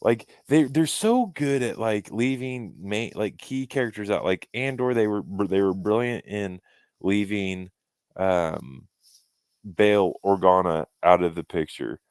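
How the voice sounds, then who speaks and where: A man with a low voice, talking in a loose, rambling way on a casual podcast. He is recorded close and dry, with no room sound around him. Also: measured pace, a little mellow, clean tone, no room sound. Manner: rambling, restarts often, fan opinions. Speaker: podcast co-host. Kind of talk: casual chat.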